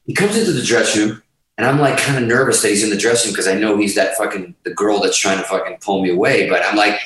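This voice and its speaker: A middle-aged man from Portugal, a guest musician telling a story on a podcast in a lively, profane way, acting out the quotes. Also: lowish voice, fairly quick, distant mic. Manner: animated, profane, acts out quotes. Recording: echoey room, off-mic.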